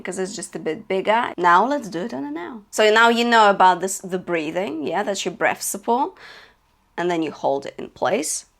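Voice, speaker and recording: A woman's voice: medium pitch, fairly bright tone. A woman teaching a singing lesson as a vocal coach, checking in often and demonstrating notes. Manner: encouraging, checks in with "okay?" and "yeah?"; demonstrates sung notes between spoken instructions.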